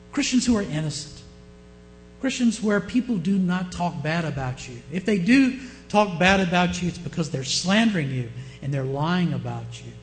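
High-voiced Southern preacher asking questions. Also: male voice. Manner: asks the congregation questions, varies pace and loudness. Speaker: pastor. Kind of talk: sermon.

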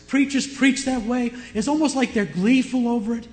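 A male pastor preaching a sermon with passion, swinging from loud declarations to hushed words. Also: very high-pitched, moderate pace, few pauses, poor audio.

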